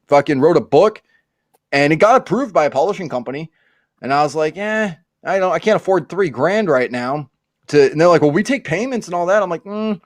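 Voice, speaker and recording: Profane ranting man, fairly high voice. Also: no echo, studio quality. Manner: profane, ranting, stammering restarts. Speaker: podcast host and author. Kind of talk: crude comedic storytelling.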